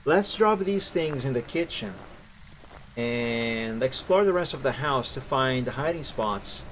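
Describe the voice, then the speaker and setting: A man's voice: medium pitch, expressive, measured pace, fairly bright tone, a little hiss or hum. A man streaming a ghost-hunting game live, chatting with viewers and reacting as he plays. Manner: chatty, jumpy, talks to chat while playing. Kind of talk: live gameplay commentary.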